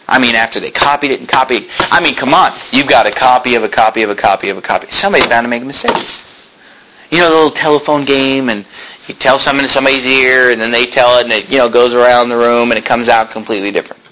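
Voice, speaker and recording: A man's voice: medium pitch, fast, noisy background. A man preaching a sermon as pastor, building to emphatic rising peaks and voicing his listeners' objections.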